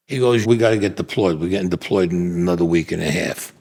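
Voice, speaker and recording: Gruff older New man. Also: deep voice, fast talker, a little mellow, dry recording. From Brooklyn, New York. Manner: gruff, blunt street talk, acts out dialogue. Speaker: interviewee, Vietnam veteran. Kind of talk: storytelling interview.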